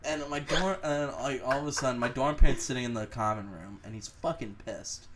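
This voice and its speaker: Young male podcast co-host, casual storyteller, mid pitch, faint noise. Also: brisk. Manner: swearing, animated storyteller who laughs while telling.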